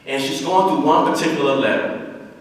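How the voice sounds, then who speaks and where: A former police chief from Dallas, Texas, a man in his fifties, tells a story earnestly to an audience in a large hall, repeating phrases for emphasis. His voice sits a little high and moves at a normal speed. The recording is echoey and captured from far off.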